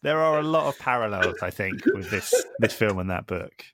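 A man's voice: lowish voice, animated, normal speed, a bit bright, dry recording. A man co-hosting a podcast, adding dry, wry asides in casual chat. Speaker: podcast co-host. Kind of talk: casual film review chat.

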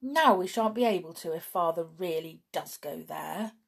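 A woman's voice: lowish voice, lively intonation, normal speed, vocal fry, husky, heavily acted. A woman voicing a sulky, proud, hot-headed tomboy girl who speaks scornfully and with emphasis. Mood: resentful.

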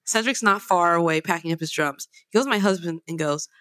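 Bright-voiced woman telling a profane story. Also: on the low side, fairly quick, no echo. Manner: animated, emphatic and profane. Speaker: singer and guitarist. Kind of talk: casual storytelling.

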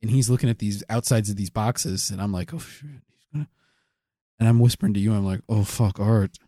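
A man's voice: on the low side, fast talker, mellow, no echo. A man co-hosting a comedy podcast, telling a rambling, crude and absurd improvised story.

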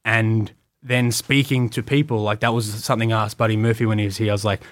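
An Australian man rattles through his story at a quick clip, leaning on "like" and restarting his sentences. He sounds close and dry, with no room around him. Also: lowish voice, flat delivery, dry recording. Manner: rambling, many "like" fillers. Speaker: guest, wrestling tryout athlete. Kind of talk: casual storytelling interview.

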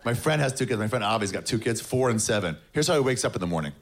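A man with a gravelly, fry-edged voice works a comedy club crowd, sardonic and mocking. He flips into shrill shouted voices to act out the people he jokes about, and the live recording carries audible noise. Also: expressive, very fast. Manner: sardonic, acts out characters in high shouted voices. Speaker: stand-up comedian. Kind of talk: stand-up set. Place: comedy club stage with audience.

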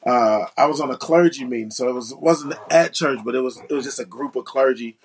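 A man co-hosting a casual chat, telling a story in a lively way and jumping high when he quotes someone. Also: fairly quick, a little hiss or hum. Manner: lively, rises to high laughing shouts when quoting. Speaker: podcast co-host.

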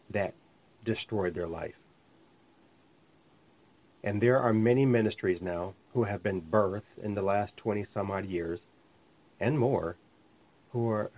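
A fairly low-pitched, slightly mellow male voice belongs to a minister and podcast host teaching from his home studio called the lab. He rambles conversationally and often corrects himself, and the lo-fi recording is slightly muffled.

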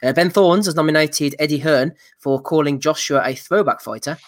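A man's voice: a little high, moderate pace, hardly any pauses. A man hosting a casual podcast, laughing between the listener posts he reads out. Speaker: podcast host.

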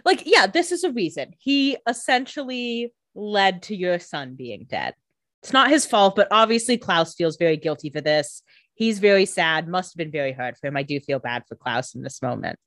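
A woman's voice: lowish voice, very animated, moderate pace, a bit bright, no echo. A woman co-hosting a casual chat, adding sarcastic jokes and laughing often. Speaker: podcast co-host.

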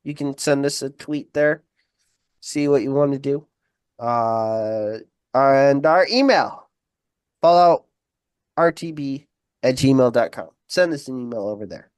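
Slow-talking congested male host. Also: medium pitch, expressive, darkish tone, clear, resonant tone, no echo, studio quality. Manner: halting, repeats words, many fillers. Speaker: podcast host. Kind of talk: casual live-stream chat.

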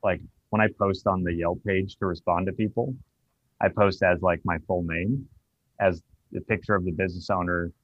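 Bar owner, male, low voice, profane storyteller; dry, dull lo-fi recording. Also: moderate pace, no room sound. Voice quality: profane, animated anecdote telling. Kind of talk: casual storytelling.

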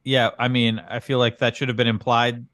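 A man's voice: mid-range voice, flat delivery, a little fast, fairly bright tone, dry recording, studio quality. A man co-hosting a comedy podcast as the bemused straight man, questioning his partner's absurd claims in improvised banter. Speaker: podcast co-host.

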